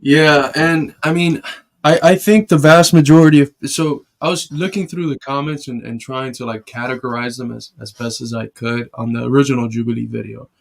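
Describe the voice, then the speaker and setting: A man giving commentary on a livestream in a relaxed, agreeable way. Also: mid-range voice, moderate pace, creaky.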